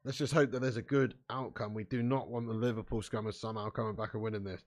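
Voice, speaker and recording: A man's voice: lowish voice, fairly even intonation, quick pace, hardly any pauses. A man hosting a live football watch-along. He reads chat comments aloud and talks in a casual, sweary way. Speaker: fan channel host.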